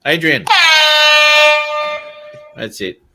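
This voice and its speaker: A man's voice: drawn-out words, very noisy. A man chatting casually on a group call, joking and teasing the others and laughing often. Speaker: participant in an online drone pilots' chat. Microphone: desk microphone on a call.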